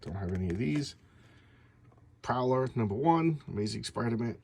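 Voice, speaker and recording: A man's voice: medium pitch, expressive, moderate pace, vocal fry, background noise. A man casually recapping a comic book story, rambling and stumbling over names.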